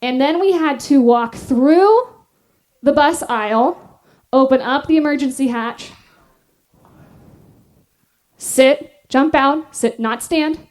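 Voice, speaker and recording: High-voiced, animated woman stand-up comic. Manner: animated, laughing often, self-deprecating. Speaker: stand-up comedian. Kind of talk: stand-up storytelling. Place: live stage.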